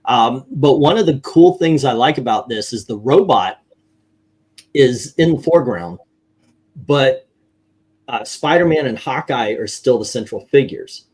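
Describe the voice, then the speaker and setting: A man with an animated, mid-range voice that is a little mellow and breathy hosts a casual panel ranking comic covers. Unhurried, he reads out viewer scores and rambles through his counting aloud with lots of fillers.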